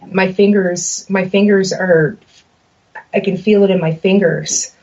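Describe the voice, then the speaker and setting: Woman, mid-pitched, empathic co-host who speaks in halting fragments; distant, muffled recording. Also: fairly even intonation, a little mellow. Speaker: podcast co-host. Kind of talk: casual podcast chat. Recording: distant, dull lo-fi podcast audio.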